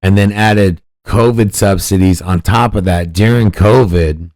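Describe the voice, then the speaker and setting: A man's voice: low voice, unhurried, a little mellow, dry recording, clean studio sound. A man hosting a podcast, giving blunt, profane political commentary in a ranting manner. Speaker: podcast host.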